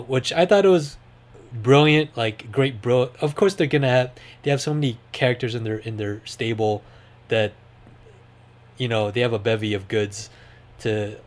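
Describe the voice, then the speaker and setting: A man hosting a podcast, talking in a rambling, enthusiastic way with lots of fillers. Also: lowish voice. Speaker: podcast host. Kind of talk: casual chat.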